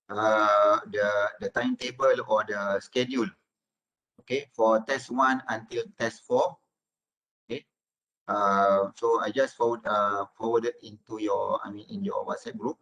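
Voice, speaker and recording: A male university lecturer talks his class through the material in an online session. He strings his points together with a steady stream of "okay" and "uh" fillers. His voice sits at an ordinary middle pitch. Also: moderate pace, low-quality recording. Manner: fills every phrase with "okay" and "uh".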